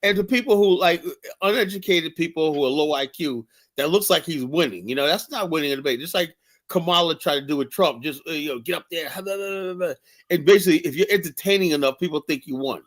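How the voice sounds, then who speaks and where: A man hosting a heated casual debate show, talking in an animated, repetitive way and swearing often. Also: fairly high pitch, fast. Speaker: host.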